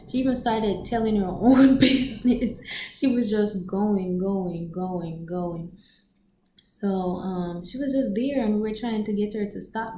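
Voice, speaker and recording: A woman telling a story in casual chat on her vlog, animated and laughing often, acting out quotes in a high voice. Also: echoey room, slight background noise, poor audio. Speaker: storyteller vlogger.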